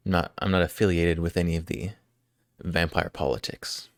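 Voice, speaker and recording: Deep-voiced joking streamer man. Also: fairly even intonation, moderate pace, dry recording, clean studio sound. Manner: joking and rambling, answering chat questions. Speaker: live streamer. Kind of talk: casual live-stream chat with viewers.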